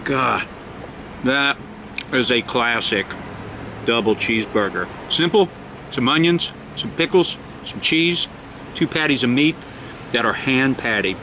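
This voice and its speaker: A man's voice: mid-range voice, animated, a little slow, long pauses, noisy background. A middle-aged man, chatting casually to a handheld camera for his vlog and exclaiming over his food. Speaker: outdoor vlogger.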